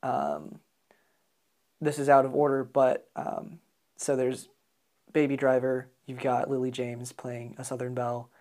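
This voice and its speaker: An American man talks through film performances in a casual, hesitant way. He stops often for ums and restarts his sentences as he thinks. His pitch sits in a middle range. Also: a little slow, a little mellow. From United States.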